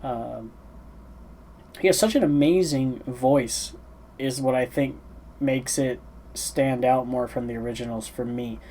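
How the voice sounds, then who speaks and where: Man, sleepy, yawning, casual reaction commentary, rambling, hesitant, lots of fillers, mid-pitched voice. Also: unhurried, long pauses, mellow, slight background noise, poor audio. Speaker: music reaction channel host.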